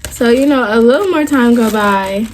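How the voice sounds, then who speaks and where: A woman in her twenties, her voice a little high, tells a casual storytime at a moderate pace over slight background noise. The vlogger is candid and profane, addressing viewers directly in loose, rambling run-on asides and restarting the story.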